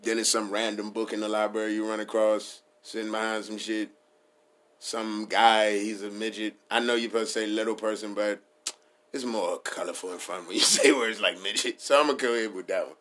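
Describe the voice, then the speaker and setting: A man's voice: lowish voice, fairly even intonation, fairly quick, a bit bright. A man riffing in a casual comedic style, rambling and profane, laughing at his own jokes.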